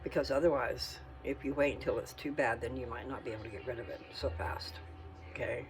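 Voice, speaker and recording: A woman's voice: very deep voice, fairly quick, noisy background. A woman vlogger in her kitchen, talking casually and folksily to her viewers and often checking in with "okay?".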